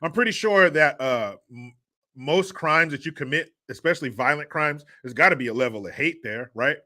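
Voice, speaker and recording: A man's voice: on the high side, lively intonation, moderate pace, bright, forceful tone. A man hosting a podcast, ranting in a crude, mocking, profane way and laughing scornfully. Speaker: podcast host. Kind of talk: solo commentary rant.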